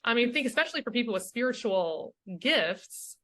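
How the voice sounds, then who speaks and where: Bright-voiced woman coach musing earnestly. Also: on the high side, lively intonation, normal speed. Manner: earnest, reflective, often checks in with "right?". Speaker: guest, leadership coach. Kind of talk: casual interview chat.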